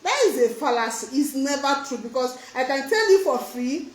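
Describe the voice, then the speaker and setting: A woman eye doctor hosts a casual live question-and-answer stream, her voice sitting high. She talks earnestly and emphatically and breaks into laughter often. The sound carries a clear echo from the room. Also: very animated, moderate pace. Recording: roomy echo.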